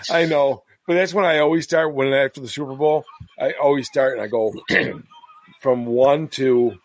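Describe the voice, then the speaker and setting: A man's voice: medium pitch, normal speed, dry recording. Dry-sounding male podcast co-host. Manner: agreeable, chatty, frequent affirmations. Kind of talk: casual film commentary chat.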